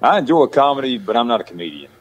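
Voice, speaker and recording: A man from Georgia with a Georgia Southern accent, a guest actor in a casual chat who talks haltingly and repeats his words. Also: mid-range voice, sing-song, lo-fi sound.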